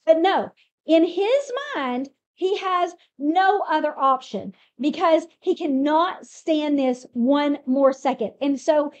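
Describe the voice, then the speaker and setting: Woman, high voice, chatty Bible storyteller who asks her listeners rhetorical questions. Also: slow pace, dull audio. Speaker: Bible teacher. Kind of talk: casual Bible retelling.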